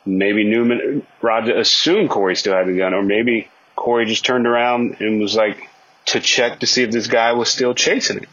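A man with a low, husky voice breaks down a court case in a persuasive, argumentative way. He keeps throwing rhetorical questions at the listener and acts out the quotes he cites. The recording sounds dull and lo-fi. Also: fairly even intonation, moderate pace, fairly bright tone.

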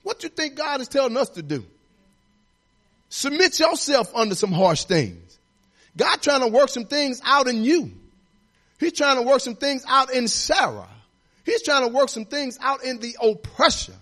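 A middle-aged man serving as assistant pastor preaches from a church sanctuary, chatty and homespun, weaving in his own stories and sometimes shouting. He has a very high, animated voice and keeps a measured pace.

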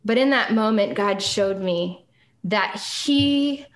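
A middle-aged woman, a singer-songwriter guest on a podcast, telling her personal testimony in an earnest, reflective way and slowing down on key phrases. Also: mid-range voice.

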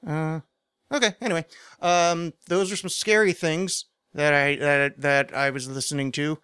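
A man's voice: on the high side, steady tone, a little slow, fairly bright tone, clear, resonant tone, no room sound, studio quality. A man hosting a solo podcast, chatting casually in a rambling, self-mocking way with lots of fillers. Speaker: podcast host.

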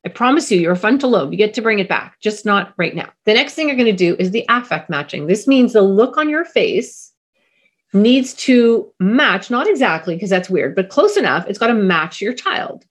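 Middle-aged woman, parenting expert guest, lively delivery, slips into quick character voices. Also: medium pitch, breathy edge. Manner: animated, acts out parent and pilot voices. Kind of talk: podcast interview, explaining.

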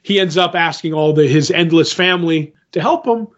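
Higher-voiced man rambling through a recap. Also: normal speed. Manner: rambling retelling, acts out quotes with "he's like". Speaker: podcast co-host. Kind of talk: casual comic book recap. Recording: dull lo-fi podcast audio.

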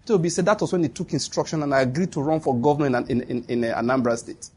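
A man's voice: medium pitch, rapid-fire, darkish tone, breathy edge. A man preaching a sermon in emphatic, repeated declarations to a congregation. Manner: emphatic, repetitive declarations with bursts of laughter. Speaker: pastor. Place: church with a congregation answering.

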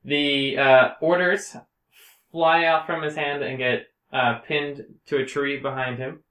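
Guy running a tabletop game, bright voice, chill and laughing a lot, echoey room. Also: mid-range voice, takes it slowly. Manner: relaxed, laughs often, plays guards in plain voice. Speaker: game master.

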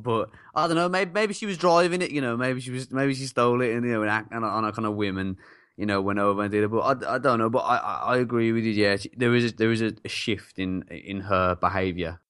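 Fast-talking man with a low voice. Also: smooth, no room sound, clean studio sound. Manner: fast, animated, trailing hedges. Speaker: podcast co-host. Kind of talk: casual film review chat.

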